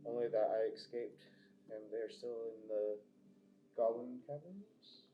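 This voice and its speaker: A man's voice: medium pitch, unhurried, a little hiss or hum. A man playing a tabletop role-playing game, speaking in formal in-character style, in a dull echoey recording. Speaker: player.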